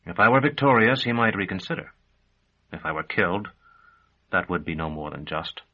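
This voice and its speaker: A male audiobook narrator with a fairly low voice, telling the story in a measured first person. His delivery stays steady. The recording sounds dull and slightly lo-fi.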